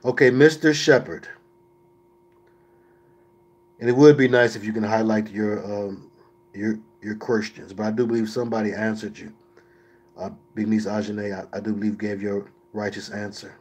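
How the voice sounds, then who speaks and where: A man's voice: fairly low pitch, steady tone, moderate pace, a little mellow, husky. Emphatic preachy man on a livestream. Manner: emphatic and preachy, with mocking asides. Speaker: livestream host answering viewer questions.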